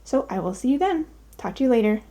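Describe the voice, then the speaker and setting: A woman's voice: high voice, sing-song, fast, warm tone. A woman chatting casually at home while showing her cross-stitch projects, upbeat and full of ums. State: out of breath. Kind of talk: casual show-and-tell vlog. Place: home, daughter's bedroom.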